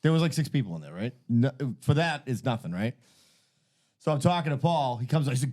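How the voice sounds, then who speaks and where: A man's voice: medium pitch, lively intonation, quick pace, a little mellow. Guy rambling through a swear-heavy story on a podcast. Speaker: podcast host. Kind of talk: casual storytelling chat.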